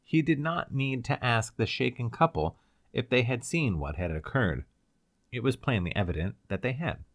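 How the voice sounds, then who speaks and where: A man's voice: mid-range voice, expressive, normal speed, no room sound, clean studio sound. A man reading a science fiction short story aloud as an audiobook narrator.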